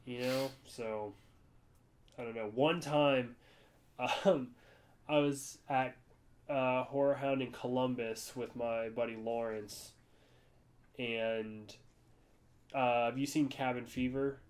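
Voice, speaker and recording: A man from the United States chats on a podcast at an ordinary middle pitch. He rambles through his stories in a loose, casual way. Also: steady tone, slow, pauses often. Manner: rambling storyteller, jumps to high-pitched voices for quoted people. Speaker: podcast co-host. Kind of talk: casual chat.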